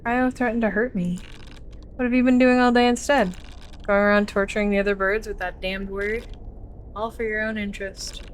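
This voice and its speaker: A woman's voice: medium pitch, fairly even intonation, normal speed, a little hiss or hum, close to an everyday voice. A woman voicing a bitter, proud house sparrow who speaks with cold contempt. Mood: scornful. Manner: contemptuous, cutting.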